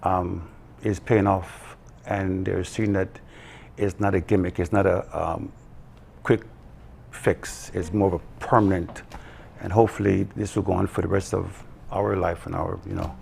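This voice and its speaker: Low gravelly guy on a morning show, lots of ums and restarts. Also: little pitch movement, darkish tone, a little hiss or hum. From Belize. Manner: halting, many ums and restarts. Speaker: guest, production company co-owner. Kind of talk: live TV morning interview.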